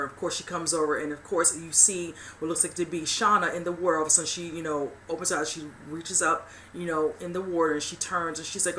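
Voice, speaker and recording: A woman's voice: deep voice, steady tone, fast talker, few pauses, fairly bright tone, slight background noise. A woman hosting a casual TV episode recap, rambling along with lots of "you know" fillers. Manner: rambling retelling full of "you know" and "whichever". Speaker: host of a TV recap channel.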